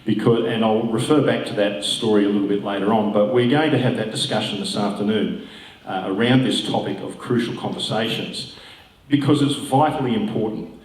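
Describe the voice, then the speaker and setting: A man's voice: lowish voice, brisk. A man, a pastor giving a conversational talk with musing asides. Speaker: pastor and guest speaker. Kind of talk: informal talk to an audience. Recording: roomy hall, distant mic.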